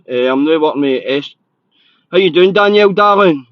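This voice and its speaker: A Scottish man chats casually as host of a live stream, excitable and a bit nervous, and he swears freely. His voice sits a touch high. The sound is dull and lo-fi and has no room echo. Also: moderate pace. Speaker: podcast host.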